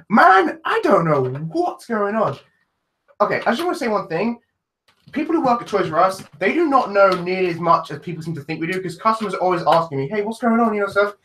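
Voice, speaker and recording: A man's voice: sits high, sing-song, brisk, a bit bright. A young man from England with a British accent, chatting casually and rambling on a livestream, often laughing and restarting his sentences. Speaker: YouTube livestream host. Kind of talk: casual live-stream chat.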